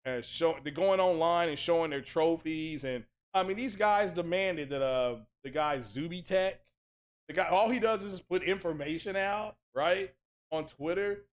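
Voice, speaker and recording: A man hosts a casual gaming livestream with a fairly high voice. He rants about console news in a mocking, animated way. He talks straight to his chat viewers.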